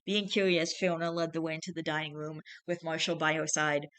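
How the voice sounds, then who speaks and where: A woman reading a novel aloud, lively and giving the characters their own voices. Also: deep voice, fairly quick, dry recording. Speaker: reader. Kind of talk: fiction read-aloud.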